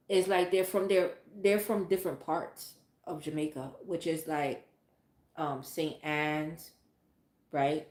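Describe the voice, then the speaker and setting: A woman talking in a casual, candid way, rambling and swearing freely, with lots of fillers like "like" and "um". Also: low voice. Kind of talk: casual chat. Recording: echoey room.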